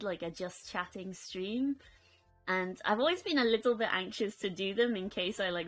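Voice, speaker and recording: A woman's voice: mid-range voice, a bit bright. A young woman chatting casually on a live stream, giggling often and reading out chat. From United Kingdom.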